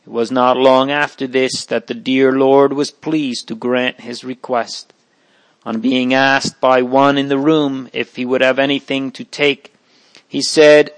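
A man reading aloud from an old memoir in a slow, measured, solemn way. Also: medium pitch, little pitch movement, dry recording. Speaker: reader.

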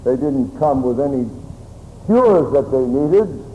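A man preaching a sermon slowly and solemnly, with old-fashioned phrasing. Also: mid-range voice, lively intonation, mellow, lo-fi sound. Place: church. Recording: church hall reverb with faint room noise.

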